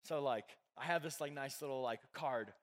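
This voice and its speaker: A man's voice: mid-range voice, normal speed. A young man giving a casual youth sermon, chatty, full of fillers and joking with the crowd. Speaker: youth pastor. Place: church hall with a live audience. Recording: long hall reverb.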